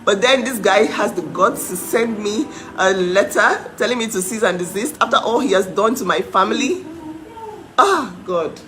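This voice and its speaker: A woman's voice: mid-range voice, animated, normal speed, a bit bright, soft background music, poor audio. A young woman from Nigeria ranting to her followers, indignant and mocking, breaking into disbelieving laughs. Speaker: vlogger. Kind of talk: heated live rant to followers.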